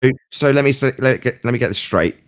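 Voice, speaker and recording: A combative man in a live debate who mocks the other side. He slows down and leans hard on single words to drive his point home. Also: mid-range voice, lively intonation. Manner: mocking, combative, slow emphatic stresses. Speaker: debate participant.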